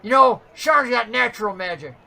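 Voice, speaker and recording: A woman game master voices a surly halfling man who can't stand wizards. He talks in gruff, ungrammatical jabs with a bright, ringing tone. He has nothing but contempt for magic-users. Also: on the high side, lively intonation, normal speed, heavily acted. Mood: scornful. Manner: gruff, dismissive, folksy grammar. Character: rude, scornful male halfling patron who hates wizards.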